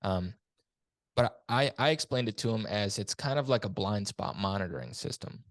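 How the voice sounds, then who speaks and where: A man's voice: lowish voice, lively intonation, normal speed, no room sound, clean studio sound. A man hosting a podcast interview, chatting casually with lots of fillers. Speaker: podcast host.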